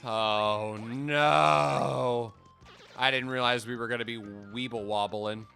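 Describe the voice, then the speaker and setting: A man streaming a video game, joking and cursing casually as he plays. His voice is bright and forceful at a middle pitch, with faint game music underneath. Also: steady tone, takes it slowly, vocal fry. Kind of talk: casual let's-play commentary.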